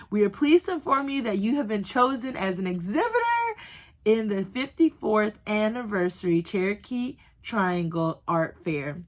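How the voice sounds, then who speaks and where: A woman chatting in a small business vlog from the floor, rambling with many fillers and restarts. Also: medium pitch. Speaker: small business owner vlogging. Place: indoors, sitting on the floor.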